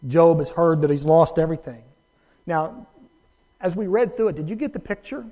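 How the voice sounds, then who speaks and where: A man preaching a sermon as pastor, dramatic, moving from hushed, low-volume lines to loud, raised emphasis. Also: lively intonation, moderate pace, muffled recording. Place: church sanctuary.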